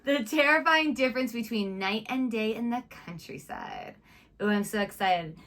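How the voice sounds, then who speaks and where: A woman's voice: a little high, expressive, normal speed, fairly bright tone. A woman co-hosting a reaction video, chatting in a casual, playful way. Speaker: reaction channel co-host. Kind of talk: casual chat.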